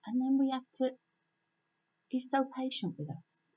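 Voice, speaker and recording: An older woman giving a homely, gentle devotional talk from home, repeating her key phrases. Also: high voice, fairly even intonation, normal speed, husky. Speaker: church speaker. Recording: dull lo-fi home recording.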